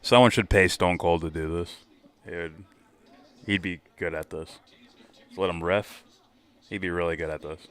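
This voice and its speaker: A man's voice: low-pitched, normal speed, pauses often. A man hosting a live reaction show, chatting casually and laughing at what he watches. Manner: amused, laughing, mimics voices. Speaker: show host reacting to a video.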